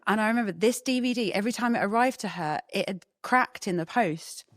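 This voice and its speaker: A woman guest chatting casually in an interview, an animated storyteller who laughs often. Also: mid-range voice, brisk, no echo, studio quality. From England.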